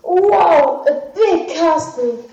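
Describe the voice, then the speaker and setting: A woman's voice: high voice, slow, darkish tone, lo-fi sound. A woman voicing an eager, curious young boy in a raised storytelling voice. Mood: amazed. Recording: echoey room recording.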